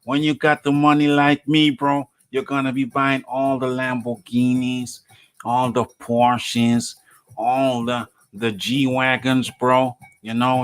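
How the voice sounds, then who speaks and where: A boastful rich fighter who was too busy to train, as a podcast host puts him on. He drags his words slowly and keeps leaning on "bro". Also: mid-range voice, a bit bright, close to an everyday voice. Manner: bragging, drawn-out "bro". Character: boastful rich boxer, man, young adult, lazy.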